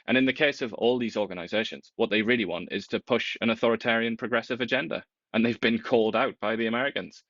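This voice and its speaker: A man giving casual political commentary, animated and sarcastic, often laughing as he talks. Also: medium pitch, quick pace, hardly any pauses, no echo. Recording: dull lo-fi sound.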